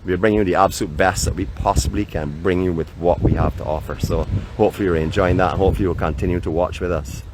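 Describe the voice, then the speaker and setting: Barbadian vlog host, low voice, chatty and welcoming, camera mic outdoors with faint wind behind. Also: male voice. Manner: chatty, welcoming tour-guide talk. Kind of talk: live outdoor vlog narration. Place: outdoors on a raft off a beach. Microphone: camera mic, no external microphone.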